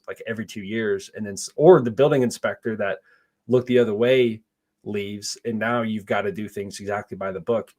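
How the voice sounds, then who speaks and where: A man answering interview questions in a casual, rambling way, full of fillers and restarts, with no Southern accent. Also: mid-range voice. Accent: none, not Southern. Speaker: guest, park investor.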